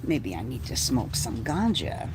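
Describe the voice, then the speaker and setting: A livestreamer chatting casually with viewers from inside a bus, breathless and feeling ill, rambling slowly with sighs and casual swearing. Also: medium pitch, sing-song, background noise. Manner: slow, meandering, sighing, swears casually. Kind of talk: casual rambling live chat. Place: inside a bus living space.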